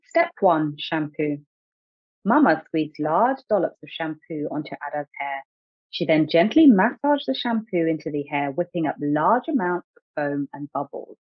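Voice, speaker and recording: A woman author reading her own picture book aloud in a clear storytelling way. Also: sits low, lively intonation, moderate pace, no room sound. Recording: dry tinny phone-like sound.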